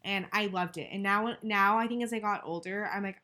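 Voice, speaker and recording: A young podcast co-host from Texas talks briskly in a mid-range voice with a sharp tone, barely pausing. Her casual chat is loaded with fillers and restarts.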